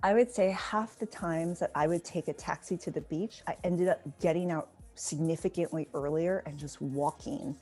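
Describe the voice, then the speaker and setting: A woman's voice: low-pitched, moderate pace, hardly any pauses, a little mellow, faint music behind. A woman hosting a travel vlog, chatting casually and asking her guest questions. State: out of breath. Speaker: travel vlogger host. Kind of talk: casual interview chat.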